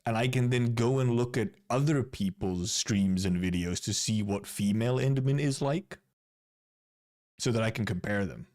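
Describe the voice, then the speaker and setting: A man's voice: fairly low pitch, normal speed, darkish tone. Rambling Finnish man streaming. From Finland. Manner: rambling, repeats and restarts words. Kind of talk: casual live-stream commentary.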